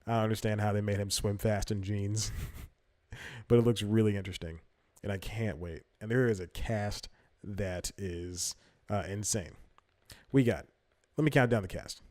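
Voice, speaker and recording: A man's voice: on the low side, moderate pace, darkish tone, no room sound, clean studio sound. A young man hosting a comedy podcast, rambling through casual commentary, correcting himself and laughing often. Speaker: podcast host.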